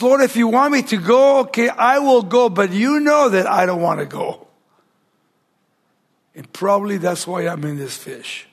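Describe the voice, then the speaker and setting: A male pastor delivering a sermon in a high, gravelly voice. He asks the congregation rhetorical questions and sometimes sinks to a hushed near-whisper to press a point. His tone has a husky, rough edge throughout.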